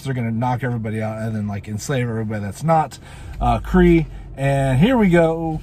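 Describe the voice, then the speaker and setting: A man's voice: mid-range voice, a little fast, a little mellow, slight background noise. A man giving a casual, rambling episode recap with goofy asides and lots of ums and uhs. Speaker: show reviewer.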